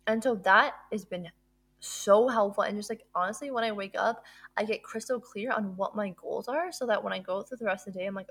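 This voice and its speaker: A podcast host, a woman, talks in a casual, gushing monologue, upbeat and full of fillers. Her voice carries a strong vocal fry and a husky, slightly breathy edge. She sits at a mid pitch for a woman. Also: fairly quick, fairly bright tone.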